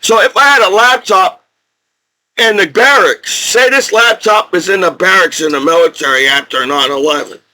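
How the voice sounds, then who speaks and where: This clip features a high-pitched man speaking at a moderate pace with a sharp tone, captured in a rough recording. He is a middle-aged New Jersey military veteran delivering an agitated, profane rant to camera, going over the same points again and again.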